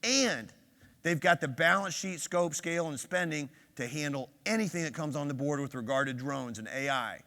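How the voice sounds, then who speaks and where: Older man giving an energetic conference keynote. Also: a little high. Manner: energetic, quizzes the audience with quick questions. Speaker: keynote speaker. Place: large conference hall. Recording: hall reverb on a stage mic.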